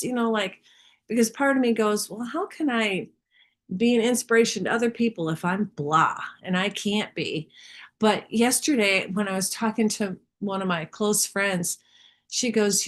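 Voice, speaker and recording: A woman sharing candidly in a spiritual study group, rambling and self-reflective. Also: mid-range voice.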